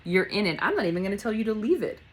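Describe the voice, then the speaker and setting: A woman doing a casual tarot reading, chatty and blunt, swearing casually and acting out quick voices in her asides. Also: medium pitch, big pitch swings, husky, poor audio. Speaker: tarot reader.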